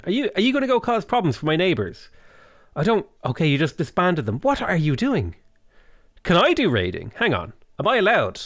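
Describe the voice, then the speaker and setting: Lively joking man gaming. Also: on the high side, normal speed, no room sound, clean studio sound. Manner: joking, rambling asides, self-interrupting. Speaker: gaming YouTuber. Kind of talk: strategy game commentary.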